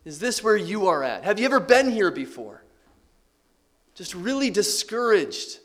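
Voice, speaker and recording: A man's voice: high voice, big pitch swings, unhurried, a bit bright. A man preaching a sermon as a pastor, stretching out key phrases for emphasis.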